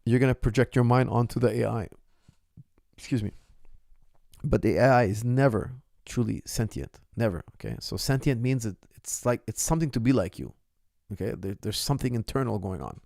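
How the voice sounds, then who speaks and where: A middle-aged man, a martial arts coach, answers viewer questions in a casual solo talk. His voice is gravelly with a lot of vocal fry, recorded close and dry with no room sound. He speaks with force and hammers points home by repeating them. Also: medium pitch, animated, a little fast, darkish tone, dry recording. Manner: impassioned, emphatic repetition of phrases.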